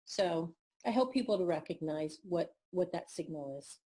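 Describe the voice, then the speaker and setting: A woman speaking as a guest mindset coach in an interview, talking in an animated, emphatic way and acting out examples as she explains. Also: fairly low pitch, normal speed. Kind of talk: interview conversation.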